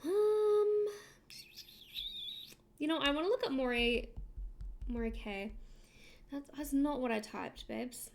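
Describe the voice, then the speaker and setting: A woman's voice: high voice, animated, slow, long pauses, darkish tone, a little hiss or hum. A young woman from Australia with an Australian accent, chatting casually and rambling as she streams herself drawing and answers chat. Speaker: livestreamer.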